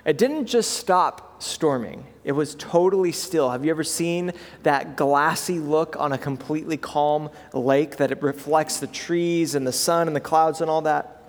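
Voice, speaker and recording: A male pastor preaching in a relaxed, chatty way, often pausing with "um" and checking in with the congregation. His voice sits a bit higher than most men's and carries the long reverb of a church hall. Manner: conversational, with frequent fillers and "right?" check-ins. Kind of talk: sermon.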